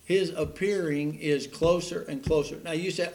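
A man's voice: on the high side, moderate pace, few pauses. Folksy, jokey male preacher. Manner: folksy, jokey, laughing at his own jokes. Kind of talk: sermon.

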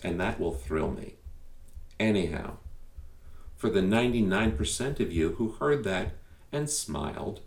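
A man's voice: low voice, lively intonation, moderate pace, gravelly, recorded from a distance. A man hosting a podcast, speaking straight to his listeners in an emphatic, conversational way full of rhetorical questions. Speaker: podcast host. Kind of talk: direct-to-listener podcast monologue. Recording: echoey room, a bit off mic.

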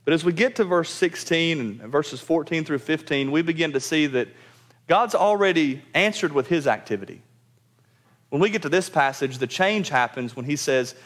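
A man with a high-pitched voice preaches a sermon as pastor. He speaks with emphasis and repeats his key phrases for weight. He addresses his congregation directly. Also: animated, moderate pace, fairly bright tone.

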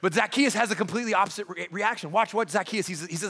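A man preaching a sermon in an animated way, acting out the voices of people from the story. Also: high voice, quick pace. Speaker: pastor.

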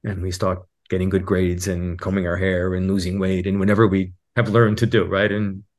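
Guy with a lowish voice, guest teacher on a podcast, telling stories and acting out the quotes. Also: normal speed. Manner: animated storyteller, acts out quotes with raised pitch. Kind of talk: reflective podcast conversation.

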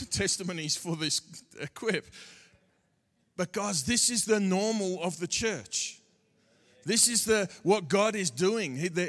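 A man's voice: sits high, a bit bright. A man with an Australian accent preaching a sermon as a guest speaker, joking with the crowd between bursts of emphasis. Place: church hall. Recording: long reverb of a large hall.

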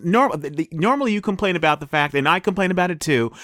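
American male co-host, higher voice, lively, interjects often. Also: dry recording, clean studio sound. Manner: animated, quick to interject. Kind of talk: casual movie review chat.

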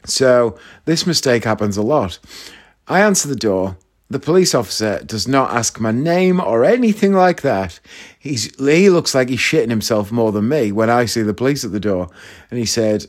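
A man's voice: medium pitch, normal speed. Chatty man from northeast England telling stories. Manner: chatty, animated anecdote-telling with asides to listeners. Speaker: comedian. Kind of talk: casual storytelling.

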